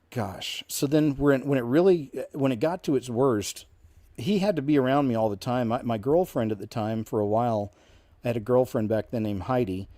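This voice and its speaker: Middle-aged guy rambling through an old story, low mellow voice, dry sound. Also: no echo. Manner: rambling, with many asides and restarts. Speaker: channel host telling a personal story. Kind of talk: casual storytelling.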